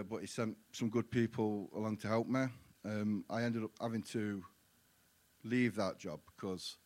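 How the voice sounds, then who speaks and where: A man giving his personal testimony in church, earnest and halting. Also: low voice, darkish tone. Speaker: guest sharing his testimony. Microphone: handheld mic.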